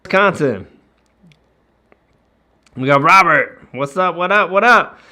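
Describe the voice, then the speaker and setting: A man's voice: on the high side, expressive, slow pace, sharp tone. A man hosting a casual weekly livestream from home, greeting viewers by name and laughing often.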